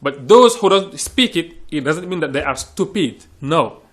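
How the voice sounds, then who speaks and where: A man's voice: fairly high pitch, animated, measured pace. A man from Senegal, an English teacher talking earnestly in a panel discussion and often repeating words as he searches for phrasing.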